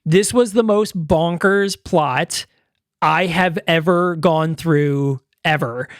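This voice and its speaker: Animated man chatting on a podcast, dry close sound. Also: a little high, slow, no echo. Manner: animated, swears casually, acts out quotes. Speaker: podcast co-host. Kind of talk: casual chat.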